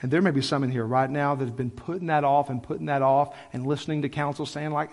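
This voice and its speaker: A male pastor delivers a passionate, conversational sermon with a slightly high voice. His words ring out with a long reverb tail in the church sanctuary. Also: steady tone, quick pace, creaky, few pauses, darkish tone.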